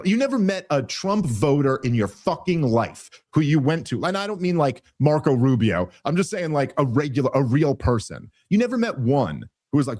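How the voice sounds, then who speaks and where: A man's voice: medium pitch, big pitch swings, moderate pace, darkish tone, dry recording, studio quality. A man hosting a podcast, ranting heatedly and sarcastically about politics, swearing often and restarting his sentences. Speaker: podcast host. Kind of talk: casual political commentary.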